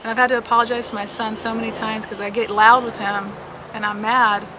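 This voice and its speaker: A worn-out, middle-aged woman talks candidly in a personal vlog, her fairly high voice halting, moving between hushed and loud. A clear noise bed sits behind her, with cars passing outside. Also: flat delivery. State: unwell and worn out. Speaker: vlogger.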